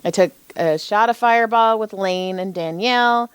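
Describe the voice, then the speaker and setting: A woman's voice: medium pitch, moderate pace, smooth, dry recording. A woman co-hosting a podcast, an indie author chatting in a frank, self-deprecating way with lots of laughs. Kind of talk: casual chat.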